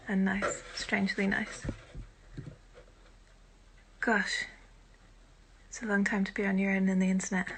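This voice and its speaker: British woman, live-stream host, bright tone, self-deprecating chatter into a phone mic. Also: mid-range voice, monotone, unhurried, gravelly, long pauses, husky. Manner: chatty and self-deprecating, with quiet muttered asides. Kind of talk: casual live-stream chat.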